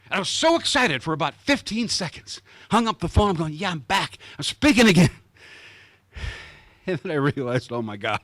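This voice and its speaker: A man from Iowa giving a lively guest speech at a club meeting, acting out the people he quotes. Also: fairly high pitch, normal speed, dry recording, studio quality. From Iowa, USA. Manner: animated, acts out the people he quotes. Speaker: guest speaker. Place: country club meeting room.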